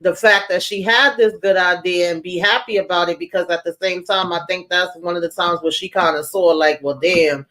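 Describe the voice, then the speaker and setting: This is a livestream host deep in casual chat about a TV episode, medium-pitched and easygoing. The host talks freely and slips into acted-out quotes with a laugh. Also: fairly even intonation, a little fast, few pauses, pushed and bright. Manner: chatty, acts out quotes with laughs.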